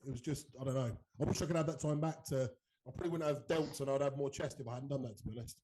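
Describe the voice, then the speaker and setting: A man's voice: mid-range voice, steady tone, mellow, poor audio. A man co-hosting a casual podcast, speaking frankly with lots of fillers. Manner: fast, frank, filler-heavy.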